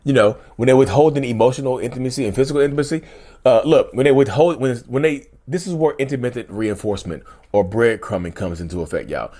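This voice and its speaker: Man, casual channel host, chatty and emphatic, repeats phrases, mid-pitched voice. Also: quick pace, warm tone. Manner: chatty, repetitive, says "y'all" often, emphatic. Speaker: YouTube host. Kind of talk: casual direct-to-camera talk.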